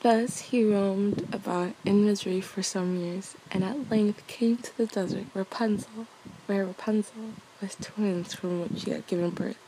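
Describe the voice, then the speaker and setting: A young woman reads a fairy tale aloud as a bedtime story in a soft, casual way. Her voice sits at an ordinary middle pitch, and she laughs lightly at her own slips. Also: fairly even intonation, measured pace, background noise.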